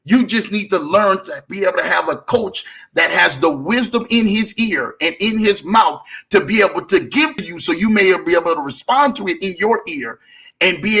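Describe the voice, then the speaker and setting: A man's voice: high-pitched, pushed and bright. A man hosting a motivational broadcast, exhorting listeners in a repetitive, preaching rhythm. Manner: repetitive, rising and falling exhortation. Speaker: motivational show host.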